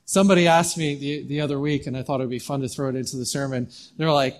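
A man's voice: medium pitch, animated, fast, hardly any pauses. A man preaching a sermon as a pastor, conversational and often repeating words as he restarts. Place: church hall.

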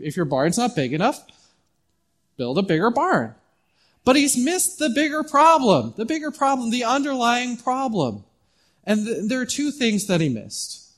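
A male pastor preaches in a church hall, his voice slightly higher than the usual male range. He keeps it conversational and loose, doubling back on words as he restarts. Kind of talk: sermon.

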